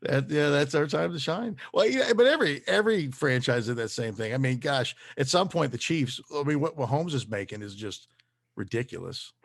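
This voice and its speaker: A man co-hosting a casual sports chat, upbeat and quick to laugh. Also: medium pitch, expressive, creaky. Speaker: podcast co-host.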